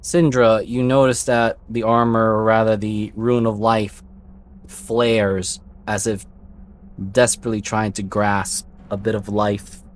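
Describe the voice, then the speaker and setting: Male game master, low voice, unhurried narration, light background hiss. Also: little pitch movement.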